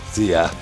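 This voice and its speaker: A man's voice: on the low side, a little mellow. A middle-aged man with a German accent, tired, giving rambling gaming commentary with frequent chuckles and many fillers. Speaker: gaming YouTuber.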